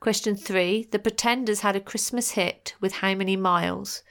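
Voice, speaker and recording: A woman's voice: medium pitch, steady tone, moderate pace, vocal fry, a bit bright. A woman hosting a podcast and reading out quiz answers in a chatty, playful way with jokey asides. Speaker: podcast host.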